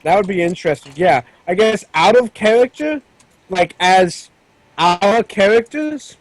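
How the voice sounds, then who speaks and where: A man's voice: high voice, lively intonation, measured pace, no echo, rough recording. A man running a tabletop game as game master, chatting casually and hesitantly with many ums and restarts.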